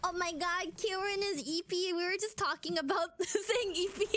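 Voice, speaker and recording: A woman's voice: extremely high pitch, moderate pace, few pauses. A young woman streamer chatting casually to her viewers, giggling often and leaning on fillers like "like" and "um".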